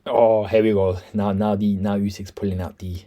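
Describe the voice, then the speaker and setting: A man giving reaction commentary, excitable and breaking into impressions of the fighters' lines. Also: fairly low pitch, moderate pace.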